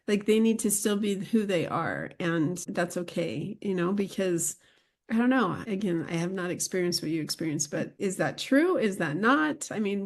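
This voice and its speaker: A middle-aged woman hosts a podcast interview in a chatty, animated way. Her pitch sits in a comfortable middle range. She gets lively as she shares personal stories. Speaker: podcast host.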